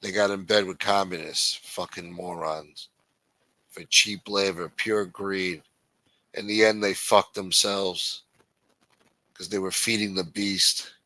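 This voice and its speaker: A man's voice: deep voice, steady tone, slow, pushed and bright, dry recording, low-quality recording. A man hosting a livestream, ranting in an angry, profane, blunt manner. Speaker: host. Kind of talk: livestream political rant.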